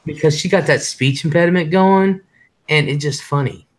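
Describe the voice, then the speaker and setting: Blunt, fast-talking man hosting a live stream. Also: fairly high pitch. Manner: blunt, swears freely, reads chat aloud; talks fast. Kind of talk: casual live-stream chat.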